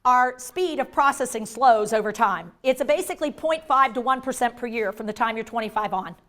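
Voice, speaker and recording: A woman giving a lively live workshop on dementia care, acting out inner voices and joking with the audience. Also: on the high side, fairly quick. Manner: animated, acts out inner voices, jokey asides to the audience.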